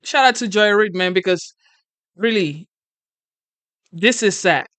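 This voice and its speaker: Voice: medium pitch, measured pace, fairly bright tone, no room sound. A host giving casual reaction commentary, earnest and exasperated, sometimes preachy.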